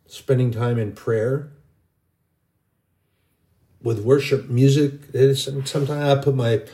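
A man's voice: medium pitch, fairly even intonation, takes it slowly, dark tone. A middle-aged man giving an informal, rambling sermon, earnest and full of restarts. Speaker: Christian video preacher.

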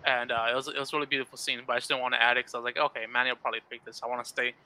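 A man's voice: mid-range voice, little pitch movement, rapid-fire, noisy background. A man co-hosting a casual podcast, talking earnestly and easily about favorite movie scenes, with frequent fillers. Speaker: podcast co-host. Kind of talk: casual podcast chat about superhero films.

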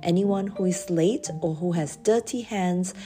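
A woman's voice: on the low side, a little slow, music in the background, natural voice. A woman voicing a harsh, bullying male schoolmaster who barks orders and roars at children in a storybook reading. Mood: roaring. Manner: roaring, barking orders.

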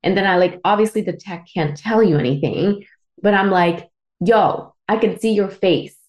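In a medium-pitched, slightly mellow voice at normal speed, a Canadian podcast host in her thirties recounts a candid personal story. Emotion and tears surface now and then, along with frequent swearing and fillers.

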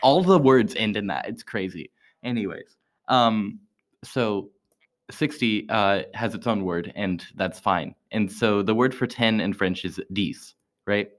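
A man's voice: on the low side, unhurried. A man in a casual chat who explains things step by step, checking in with "right?" often. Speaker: co-host. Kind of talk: casual classroom podcast chat.

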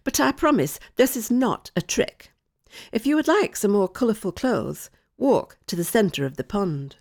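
A woman voicing a calm, wry woman scientist who speaks in a measured, faintly teasing way. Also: mid-range voice, vocal fry, no echo, clean studio sound. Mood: reassuring.

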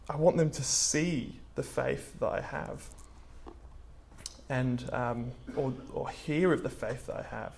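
A young man from England preaches in a relaxed, conversational way, scattering fillers through his stories. His voice has a gravelly edge, sitting at a middle pitch. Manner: chatty, many "like" and "um" fillers, storytelling. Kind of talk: casual sermon talk.

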